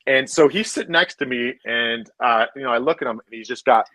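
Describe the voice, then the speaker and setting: A man's voice: mid-range voice, fairly quick, sharp tone, dry recording, low-quality recording. A man, a former hockey player, casually telling rambling locker-room stories full of restarts and swearing. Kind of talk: casual storytelling chat.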